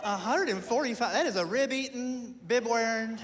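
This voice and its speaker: High-voiced self-deprecating stand-up man. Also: normal speed, a crowd in the background. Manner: self-deprecating, animated storytelling. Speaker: stand-up comedian. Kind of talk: stand-up comedy. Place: theater stage with a live audience. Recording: long hall reverb, faint noise.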